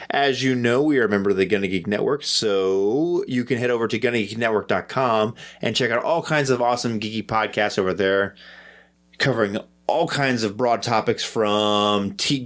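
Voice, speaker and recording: A man with a lowish voice co-hosts a casual tabletop-gaming podcast. He rambles and hedges, circles back on his own points and pokes fun at himself, then slips into a brisk sign-off. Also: a bit bright. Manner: rambling, hesitant, self-deprecating. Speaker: podcast co-host.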